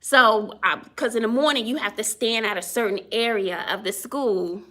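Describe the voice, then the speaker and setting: A woman's voice: a little high, moderate pace, bright, forceful tone. A woman who is a teacher, chatting casually to viewers on a phone livestream, laughing often and greeting people as she tells a story.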